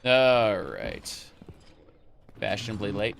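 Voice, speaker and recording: Bright, crisp-voiced man streaming casually. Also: medium pitch, slow pace. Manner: rambling, answers chat questions, frequent fillers and restarts. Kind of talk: casual live-stream chat while gaming.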